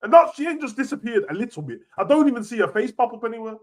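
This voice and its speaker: A young man rants casually about wrestling, full of slang and swearing, swinging between low mutters and loud outbursts. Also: big pitch swings, fast talker. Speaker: wrestling reaction host. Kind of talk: casual rant.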